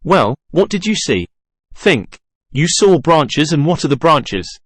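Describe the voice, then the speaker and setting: A man's voice: fairly high pitch, sing-song, slow pace, no room sound, clean studio sound, heavily acted. A man reading the part of a masked, lonely male genius, by turns brooding and boastful in a theatrical way. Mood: coaxing. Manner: theatrical, wheedling then boastful.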